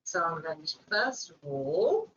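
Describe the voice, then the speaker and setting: A woman working in early years education, giving a gentle, animated craft demonstration. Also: low voice, measured pace, dull audio, a little hiss or hum. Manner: gentle, animated, with playful voices. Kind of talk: instructional demonstration.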